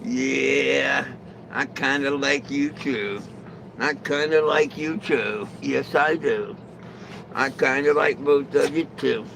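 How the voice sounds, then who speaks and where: Gravelly man cooing at his dogs. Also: medium pitch, slow pace, noisy background. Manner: coos affectionately at his dogs. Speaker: vlogger. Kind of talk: casual talk to camera and pets.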